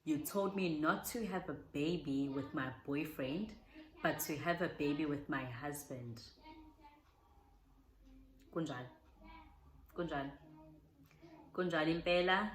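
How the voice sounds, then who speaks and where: A woman's voice: sits low, unhurried, echoey room, poor audio. A young South African woman chatting heartfelt and casual as she answers viewer questions, slipping in Zulu words. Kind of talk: casual Q&A chat.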